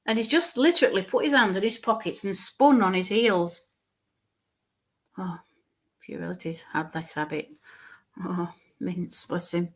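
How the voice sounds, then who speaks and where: A woman gives a live mediumship reading in a voice of middling pitch. She speaks haltingly, repeating and restarting words as she describes what she sees. Now and then she sinks into soft, quiet murmurs.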